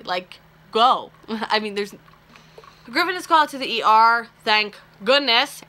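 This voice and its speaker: A young woman recapping a soap opera episode in a chatty, animated vlog, full of "like" and quick asides. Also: medium pitch. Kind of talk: casual chat.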